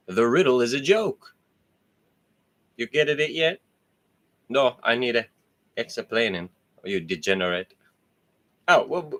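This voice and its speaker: A man's voice: mid-range voice, expressive, unhurried, long pauses, fairly bright tone. A man hosting his own show in a casual, rambling monologue, laughing often and swearing freely. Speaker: host.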